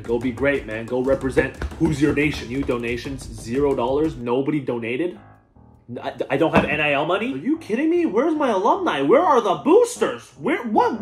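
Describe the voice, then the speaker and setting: A young man doing playful game commentary, hyped and joking, role-playing as a new head coach talking to his players. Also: on the high side. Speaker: gaming YouTuber.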